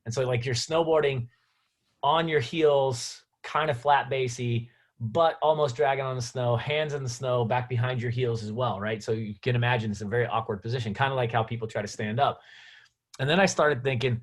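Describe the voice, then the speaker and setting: A man drops into a video call to share a teaching idea. His voice is mid-pitched and easygoing. He rambles enthusiastically through the drill step by step. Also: fairly even intonation, moderate pace. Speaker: session host and snowboard trainer. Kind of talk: casual chat on a video call.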